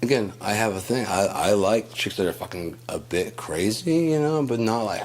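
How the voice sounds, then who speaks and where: A man with a very low voice rambles through a profane, storytelling rant. He talks casually and slips into acted quotes. His voice is deep and gruff. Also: sing-song, normal speed. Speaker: host.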